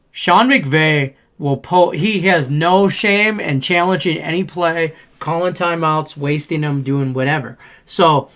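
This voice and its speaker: A man co-hosting a casual sports betting podcast, rambling and profane as he tells animated stories. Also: a little high. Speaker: podcast co-host.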